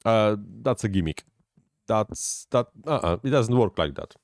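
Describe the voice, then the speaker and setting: A man who is not a native English speaker, hosting a casual live stream and answering viewer questions with halting technical explanations. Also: fairly low pitch, lively intonation, dry recording, clean studio sound.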